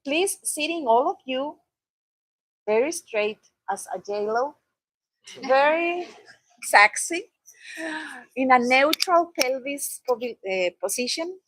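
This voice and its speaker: Slow, emphatic woman trainer. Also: sits high, expressive, fairly bright tone, a little hiss or hum, low-quality recording. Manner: slow, emphatic teaching with playful asides and laughs. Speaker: physical therapy trainer. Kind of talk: hands-on training session. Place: training room.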